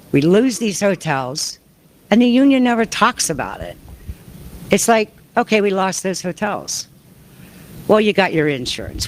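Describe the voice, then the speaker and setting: A woman and union member speaking on a panel, emphatic, acting out quotes as she tells her story. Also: low-pitched. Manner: emphatic, acts out dialogue while telling. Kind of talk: panel talk.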